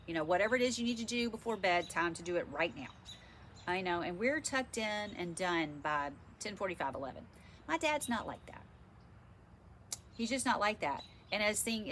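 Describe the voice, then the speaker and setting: A woman's voice: on the low side, a bit bright, slight background noise. A middle-aged woman with a stuffy, congested voice, chatting frankly and ramblingly to camera in a casual vlog. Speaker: vlogger.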